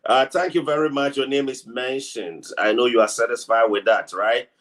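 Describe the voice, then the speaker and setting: A man's voice: mid-range voice, normal speed, a bit bright. A man with a Ghanaian accent hosting a live online news show, chatting and greeting viewers by name. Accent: Ghanaian English.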